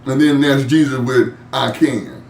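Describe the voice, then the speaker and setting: Chuckling Bible study teacher, echoey and distant. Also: male voice, medium pitch, fairly even intonation, unhurried, creaky, darkish tone. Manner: chuckles often and repeats words while searching for the point; reads scripture aloud and then comments on it. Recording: echoey room, mic at a distance, faint hum.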